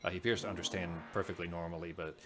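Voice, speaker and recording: A man's voice: low voice, fairly even intonation, very fast. A man narrating a tabletop game as game master, rambling and restarting often, with music behind.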